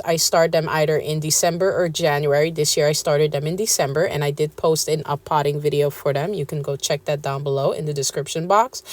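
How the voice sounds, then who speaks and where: A woman's voice: low voice, dry recording. A woman with a Guyanese accent, chatting casually to camera about gardening, with many fillers and asides. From Suriname, raised Guyanese. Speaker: gardening vlogger.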